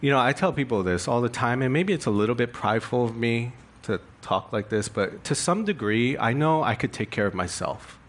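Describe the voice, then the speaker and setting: A man's voice: medium pitch, expressive, brisk, few pauses, a little hiss or hum. A male pastor preaching a sermon in an earnest, confessional way, building emphasis through rhetorical questions.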